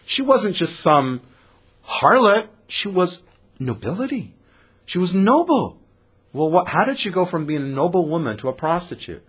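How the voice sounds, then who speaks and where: A man's voice: a little high, a bit bright, breathy edge. A man teaching a scripture class to a group, telling the story with acted-out lines and questions to the listeners. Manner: storytelling teacher who acts out the characters and quizzes the audience. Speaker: rabbi teaching a Torah class. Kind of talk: animated Torah lecture.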